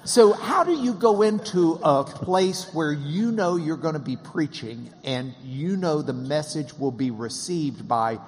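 Man telling a lively story in a reverberant hall. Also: fairly high pitch, measured pace, hardly any pauses. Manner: animated, acts out quoted voices, laughs often. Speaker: interviewer and storyteller. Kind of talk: casual anecdotal storytelling.

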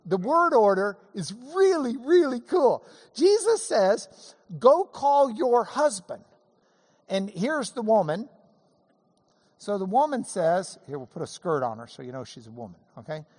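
A man delivers a sermon in a conversational teaching manner and keeps dropping into offhand asides. His pitch rises and falls with plenty of movement. The sound carries a long reverb, as if it came from a large church hall. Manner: lively, conversational preaching with asides. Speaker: pastor.

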